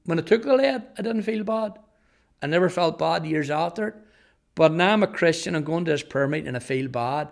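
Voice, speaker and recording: Man, personal testimony, slightly raised pitch, earnest, repeats words. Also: animated, brisk, gravelly. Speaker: testimony speaker.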